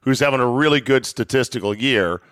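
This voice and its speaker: A man's voice: medium pitch, a little fast, fairly bright tone, no room sound, clean studio sound. A man hosting a sports podcast, giving blunt opinions in a casual conversational way. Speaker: podcast host.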